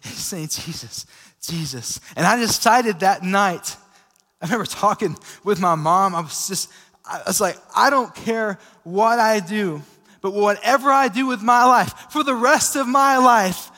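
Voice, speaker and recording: A young male pastor with a high, bright-pitched voice tells his story from the pulpit in a loose, animated way full of filler words. His voice rings out with the long reverb of a large church hall. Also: unhurried. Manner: casual, energetic storytelling with many fillers. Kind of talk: sermon, personal testimony.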